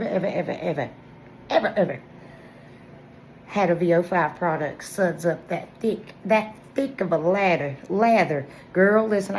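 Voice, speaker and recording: A woman, chatting excitedly straight to her viewers about products she loves. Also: fairly low pitch, slight background noise, rough recording. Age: 40s. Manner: excitable, chatty, talks straight to viewers with lots of "y'all" and "listen". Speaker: vlogger reviewing products. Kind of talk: casual product review vlog.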